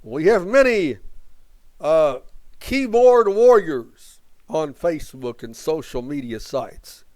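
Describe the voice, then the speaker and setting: A man's voice: on the high side, very animated, slow pace, a little mellow, poor audio. A man delivering a declamatory rally speech with rhetorical questions and chanted refrains. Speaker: rally speaker. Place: outdoor rally.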